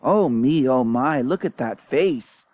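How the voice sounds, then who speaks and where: A man's voice: mid-range voice, animated, slow, darkish tone, dry recording, pitched above the performer's own voice. A man doing a fussy fretting vlogger. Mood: fretful. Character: fussy self-conscious small-channel vlogger.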